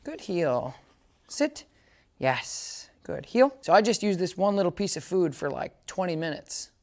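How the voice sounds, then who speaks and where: A man giving a hands-on dog training lesson outdoors, chatting casually as he explains and calling out high, upbeat praise commands to the dog. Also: very animated, a little slow, a little mellow.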